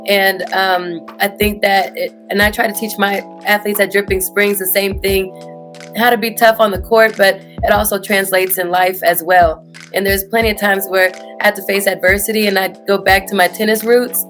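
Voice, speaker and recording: A woman in her thirties speaks with a Houston accent, answering as a tennis coach in an earnest way, often pausing on "you know" and "um". Faint music plays underneath her voice. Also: mid-range voice, little pitch movement, fairly bright tone. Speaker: high school tennis coach. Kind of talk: interview answers.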